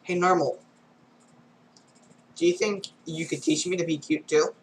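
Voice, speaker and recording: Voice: mid-range voice, fairly even intonation, a little slow, slight background noise, low-quality recording. A reader going through comic strips aloud, reading every panel and sound effect, with casual asides.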